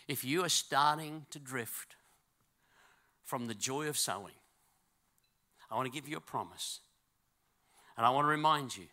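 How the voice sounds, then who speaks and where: A man preaching a sermon in a church, swinging from loud, drawn-out exhortation to quiet, close talk and calling on the congregation to respond. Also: medium pitch. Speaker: pastor.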